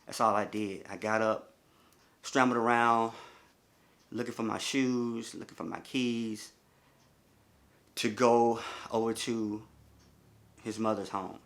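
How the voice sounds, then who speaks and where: A middle-aged man, a bereaved father, recounting his story in a halting, repetitive way with many fillers. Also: fairly low pitch, little pitch movement, fairly bright tone. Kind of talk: personal testimony.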